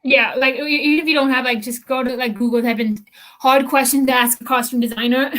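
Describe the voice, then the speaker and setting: Young woman chatting on a podcast, kinda high voice, lots of ums and restarts. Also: fairly even intonation, brisk, a bit bright. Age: young adult. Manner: rambling, many fillers and restarts. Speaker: podcast co-host. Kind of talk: casual chat.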